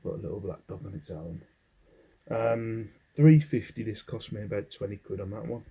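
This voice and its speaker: A man's voice: on the low side, normal speed, gravelly, dark tone, slightly rough, low-quality recording. An English man in a casual haul vlog, rambling as he goes through his finds and humming to himself between items. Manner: rambling, hums while sorting items. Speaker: clothing reseller.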